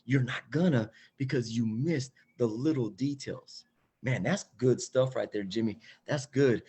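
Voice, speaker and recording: A man giving an energetic, emphatic motivational talk as a guest, repeating phrases for effect. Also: medium pitch, measured pace, slightly rough. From Mexican heritage.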